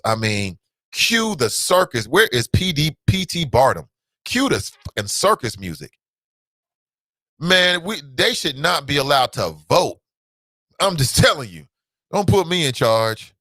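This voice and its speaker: Animated bright-voiced talk show host. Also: male voice, fairly high pitch, normal speed, no echo. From United States. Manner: animated, mocking, laughs often, swears, reads quotes aloud. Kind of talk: casual call-in talk show commentary.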